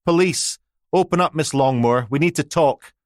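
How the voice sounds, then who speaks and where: A man's voice: on the high side, fast talker, a bit bright, no room sound, clean studio sound, pitched above the performer's own voice, lightly acted. A man doing a tired, blunt police sergeant. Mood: firm.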